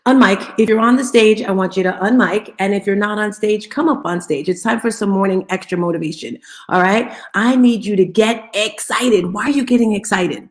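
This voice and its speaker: A woman hosts a motivational morning talk with an upbeat, coaxing energy. She calls on listeners and leads call-and-response cheers. Her voice sits at a middle pitch. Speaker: host of a live audio room.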